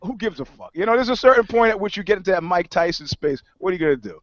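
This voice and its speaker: A man's voice: high-pitched, fast talker, hardly any pauses, no room sound, dull audio. A man co-hosting a casual talk show, telling rambling stories with a lot of stammering. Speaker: podcast co-host. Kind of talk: casual chat.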